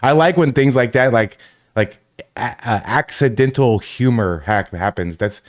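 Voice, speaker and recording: A man's voice: mid-range voice, a little slow. A man hosting a casual livestream, swearing and laughing often while reacting to chat. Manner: profane, laughing, rambling. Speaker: livestream host.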